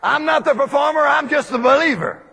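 A middle-aged man preaching a sermon, shouting his points with emphasis and often breaking into laughter. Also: very high voice, brisk, creaky. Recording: long reverb of a large hall.

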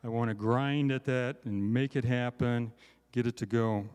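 A man's voice: mid-range voice, fairly even intonation, moderate pace, darkish tone, smooth, in a large hall. A man giving a conversational, self-deprecating sermon at a conference, often checking in with "right?" asides. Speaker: conference speaker.

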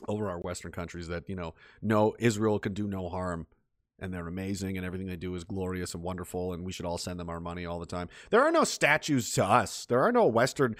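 Heated and rambling, a Canadian guy delivers a casual ranting monologue, swearing a lot and often restarting what he's saying. He has a mid-range, fairly bright voice. The sound is clean studio audio without echo.

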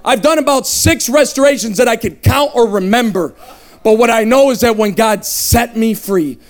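Evangelist, male, 30s, high pitch, punchy comic testimony with shouted peaks. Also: moderate pace. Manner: emphatic, humorous, shouting at peaks. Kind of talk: testimony sermon. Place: revival tent.

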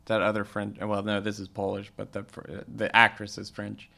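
A man co-hosting a casual movie discussion, animated and fond of acting out characters in silly voices. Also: on the low side, normal speed, vocal fry. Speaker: podcast co-host.

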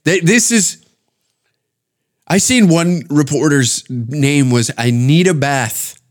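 Male podcast host, slightly high voice, swears freely, rambling mocking rants. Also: takes it slowly. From Canada. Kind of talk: casual podcast rant.

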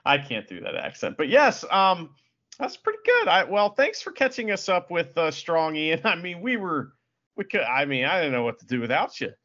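A man co-hosting a podcast with jokey, lively banter. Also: fairly high pitch, moderate pace, muffled recording. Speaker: podcast co-host. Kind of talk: casual chat.

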